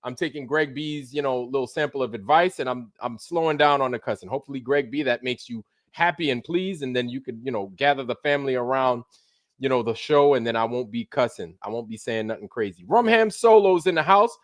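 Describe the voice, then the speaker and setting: A man's voice: medium pitch, brisk, no room sound, clean studio sound. A man from Brooklyn, hosting a casual livestream and greeting viewers in a loose, profane way. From Brooklyn, New York. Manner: loose and profane, drops into put-on voices. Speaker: livestream host.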